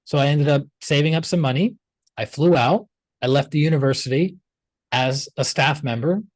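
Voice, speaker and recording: A man's voice: on the high side, normal speed, no room sound. Dry-voiced man telling his story. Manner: animated storyteller acting out past dialogue. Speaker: guest. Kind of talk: casual storytelling interview.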